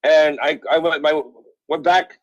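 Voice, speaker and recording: A man's voice: on the high side, steady tone, unhurried, no echo. Rambling New man on a dull phone line. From Brooklyn, New York. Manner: rambling, profane storytelling with many fillers. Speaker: guest, author. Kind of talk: casual interview chat. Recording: dull phone-call audio.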